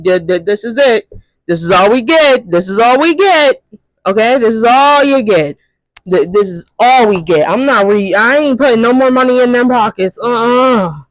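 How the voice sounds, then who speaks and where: A man's voice: very high voice, expressive, moderate pace, no room sound, low-quality recording. A man ranting in a profane, exasperated movie commentary, firing off rhetorical questions. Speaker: commentary youtuber.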